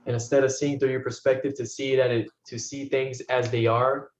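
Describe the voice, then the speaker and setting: Soft-spoken man guiding a meditation. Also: mid-range voice, level tone. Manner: soft-spoken, slow, repetitive guidance, often dropping to a hush. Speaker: spiritual teacher. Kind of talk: guided meditation teaching. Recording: roomy, dull recording with faint noise.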